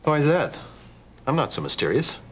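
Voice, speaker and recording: An actor playing an easygoing physical therapist in a TV drama, speaking calmly. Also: male voice, fairly high pitch, normal speed, a little hiss or hum, low-quality recording. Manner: calm and easygoing. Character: easygoing, self-aware male physical therapist. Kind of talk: daytime TV drama acting.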